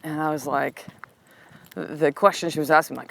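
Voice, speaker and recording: Candid, low-voiced woman telling a story. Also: creaky, poor audio. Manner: candid and animated, slowing to soft affirmations. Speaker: podcast host and life coach. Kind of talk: personal storytelling monologue.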